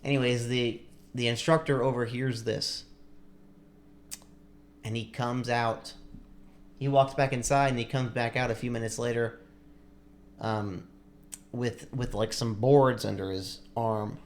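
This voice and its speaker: A man's voice: mid-range voice, fairly even intonation, unhurried, pauses often. Rambling man telling a story. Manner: rambling, full of likes and restarts. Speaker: podcast co-host. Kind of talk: casual storytelling.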